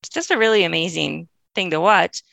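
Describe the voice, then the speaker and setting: A woman's voice: lowish voice, gravelly, no room sound. A woman guest in a podcast interview telling a long personal story in a chatty way, laughing often and acting out what others said. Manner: fast, chatty, laughs often, quotes people in lively voices.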